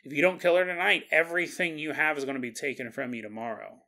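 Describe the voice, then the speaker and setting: A man's voice: on the high side, steady tone, fast, creaky, pushed and bright. A man voicing a male demon who coldly lays out the terms of a soul deal. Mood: coldly bargaining. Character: bargaining male demon, cold and matter-of-fact.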